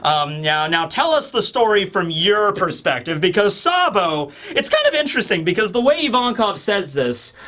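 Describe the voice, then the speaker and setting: A man with a high, bright voice chatting through a manga chapter review. He rambles with lots of fillers and bursts of animation. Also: very animated, moderate pace, few pauses. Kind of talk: casual commentary.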